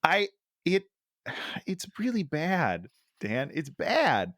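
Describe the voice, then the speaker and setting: A man's voice: on the high side, wildly swooping pitch, very slow, a bit bright, no room sound, clean studio sound. A middle-aged man co-hosting a casual movie-review chat on a headset, ranting and sighing in exasperation. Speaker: podcast co-host.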